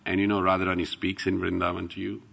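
A middle-aged man tells devotional stories in a low, gravelly voice with a bright, forceful edge. He swings from loud exclamations to hushed asides and laughs as he goes. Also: completely flat delivery, fast. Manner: laughs while telling stories. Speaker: devotional speaker. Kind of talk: devotional storytelling talk.

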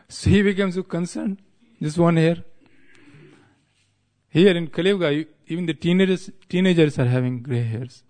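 A man's voice: on the high side, moderate pace, pauses often. Man telling a devotional story. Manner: relaxed storyteller who chuckles at his own wordplay; explains terms and restates lines as he goes. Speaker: spiritual speaker.

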